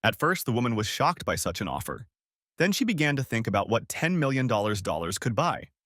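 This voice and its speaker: Male audiobook narrator, bitter and curt, lively pitch. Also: fairly quick, no echo, clean studio sound. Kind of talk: first-person audiobook narration.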